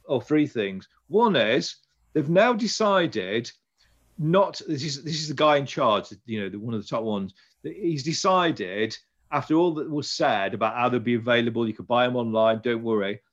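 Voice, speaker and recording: A man's voice: medium pitch, animated, normal speed, muffled recording. A man, hosting a casual podcast chat and rambling through restarts. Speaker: podcast host.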